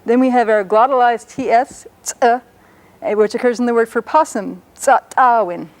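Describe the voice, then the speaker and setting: A woman lecturing on a language, talking patiently and slowing down to spell out and pronounce each word carefully. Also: a little high, a little mellow, low-quality recording. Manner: patient, explanatory, slows down to pronounce words carefully. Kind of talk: educational lecture on a public-access show.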